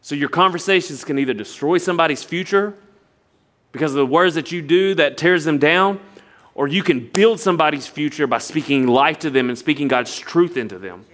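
Young pastor guy telling a story in his sermon, slightly high voice, earnest. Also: a little fast. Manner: storytelling, animated impressions of others, earnest.

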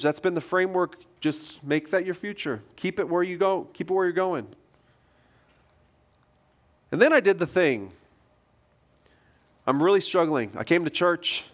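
A middle-aged male pastor preaching a sermon from a church stage, telling stories in a conversational way that swings between loud and quiet. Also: a little high. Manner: conversational storytelling with lively shifts in loudness.

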